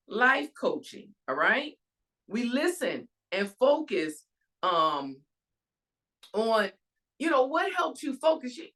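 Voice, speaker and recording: A woman hosting her own show, giving an animated faith-based talk on soul care and self-care. She calls her listeners y'all and checks in with them, asking "all right?". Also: a little high. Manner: emphatic, preacher-like cadence. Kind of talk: casual inspirational talk.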